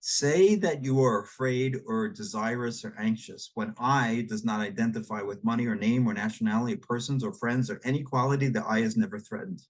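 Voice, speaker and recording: A man narrating a spiritual book aloud in a measured, reflective manner, speaking directly to the listener. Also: mid-range voice. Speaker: audiobook reader. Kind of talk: read-aloud nonfiction narration.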